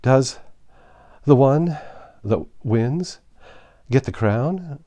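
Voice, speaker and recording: A man's voice: on the low side, big pitch swings, fairly quick, dark tone, dry recording. A man voicing a polite, inquisitive young girl in a storybook reading. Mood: curious.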